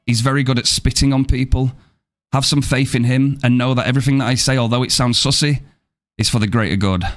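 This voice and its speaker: A man's voice: mid-range voice, fairly even intonation, a little fast. Upbeat man chatting on a game stream. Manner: upbeat, thanks viewers and reads chat aloud. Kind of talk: casual live-stream chat.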